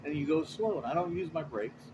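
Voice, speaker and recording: A man's voice: on the high side, fairly quick, muffled recording, a little hiss or hum. A man, a truck driver, telling a road story in a rambling, profane, casual way. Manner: rambling, profane, animated retelling.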